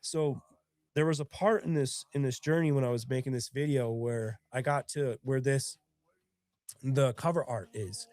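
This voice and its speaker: A man's voice: medium pitch, darkish tone, dry recording. Man, sniffly with bronchitis, casual live-stream host, earnest rambling talk, dry close sound. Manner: earnest, rambling, emotional storytelling. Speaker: singer-songwriter hosting his own live stream.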